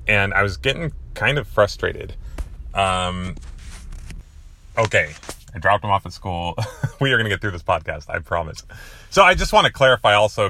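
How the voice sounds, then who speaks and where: Deep, bright-toned rambling podcast dad. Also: male voice. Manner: rambling, heavy on filler words; excitable, voice jumps up when worked up. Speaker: podcast host. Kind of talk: casual storytelling.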